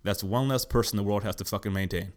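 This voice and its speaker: A man's voice: fairly low pitch, fast. A young man hosting a podcast, ranting bluntly in a casual, profane way. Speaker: podcast host. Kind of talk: casual rant.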